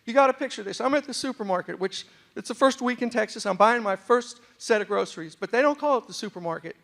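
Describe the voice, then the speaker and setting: A man's voice: very high voice, lively intonation, quick pace, creaky, a bit bright. A middle-aged man with a mixed New York and West Virginia accent, telling funny stories as a motivational speaker to a university audience. He acts out other people's voices with comic timing. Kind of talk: humorous storytelling talk. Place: university lecture hall with a live audience.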